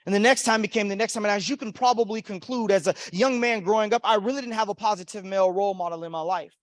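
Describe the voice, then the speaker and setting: A man's voice: sits high, fast talker, dry recording, clean studio sound. A young man from Florida giving a motivational keynote in a hotel ballroom, with emphatic repetition and call-and-response. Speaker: motivational speaker. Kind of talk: keynote speech to a conference audience.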